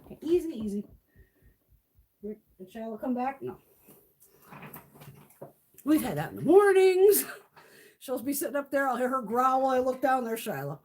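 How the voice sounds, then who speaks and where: A woman's voice: high-pitched, big pitch swings, normal speed, long pauses, a little mellow, slight background noise. A middle-aged woman chatting casually on a live stream from home, swearing freely and cooing at her cats. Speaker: beauty vlogger.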